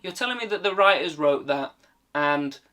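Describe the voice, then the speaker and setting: A man's voice: a little high, animated, moderate pace, bright, forceful tone. A British man giving a casual, exasperated film rant, full of swearing and filler words. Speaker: film reviewer. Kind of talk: casual ranting commentary.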